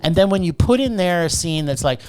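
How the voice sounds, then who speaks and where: A man co-hosting a casual movie review podcast, ranting with animated exasperation. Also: high-pitched, fairly quick, smooth, soft background music. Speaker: podcast co-host.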